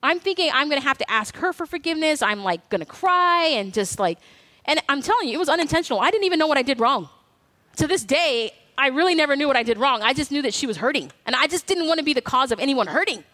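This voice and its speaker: A woman's voice: high voice, animated, fast talker, sharp tone, in a large hall. A woman pastor preaching a sermon in a church, telling a personal story in a conversational way and acting out the dialogue. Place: church sanctuary.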